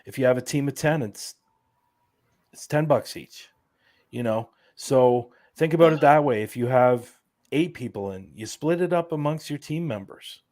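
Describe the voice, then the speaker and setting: A man appears as a guest on a casual podcast, an event organizer explaining things in a loose, rambling way and padding his sentences with many fillers. His mid-range voice has a darkish tone and a moderate pace, and it sounds dry and close with no room echo.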